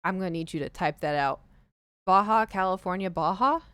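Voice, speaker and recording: With a lowish, smooth, fairly bright voice and no echo, a Southern-accented woman talks a little fast while streaming a game. She chats casually, ranting and poking fun at how people pronounce words.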